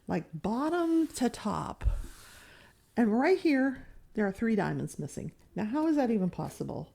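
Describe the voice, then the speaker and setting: A woman's voice: fairly high pitch, very animated, moderate pace, vocal fry, mellow. A woman chatting casually while she works on a diamond painting, rambling and poking fun at herself. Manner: rambling, self-mocking, chatty. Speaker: crafting vlogger.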